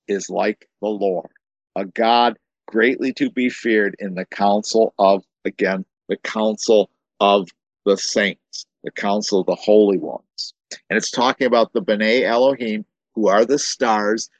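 A man's voice: on the low side, steady tone, unhurried, no echo, rough recording. A man teaching through a Bible passage in an informal way, often repeating words as he thinks aloud.

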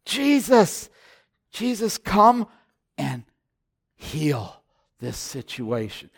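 An older male pastor in his sixties delivers a sermon with real passion. His voice sits fairly high for a man, and it surges into loud exhortation before dropping into hushed, intense asides. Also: sing-song, extremely slow, creaky, slightly rough.

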